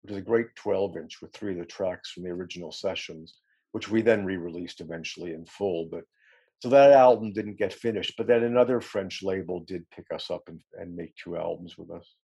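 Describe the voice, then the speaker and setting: A middle-aged man recalls his band's history in a casual, rambling interview. His voice is low and dark, with a gravelly, husky grain. He laughs easily and pokes fun at himself. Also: brisk. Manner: rambling storyteller, self-deprecating, laughs often. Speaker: musician guest.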